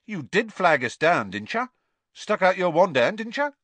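A man voicing a brash young male bus conductor who talks loudly and cheekily, with a lively, swooping voice. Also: high voice, moderate pace, no echo, pitched above the performer's own voice, full character voice. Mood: cheeky. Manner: loud, cocky, cheeky.

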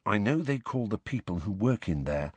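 A man's voice: on the low side, sing-song, normal speed, slightly rough, dry recording. A man voicing a blunt, easygoing teenage boy wizard in an audiobook, plain-spoken and a little impatient. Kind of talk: audiobook character voice.

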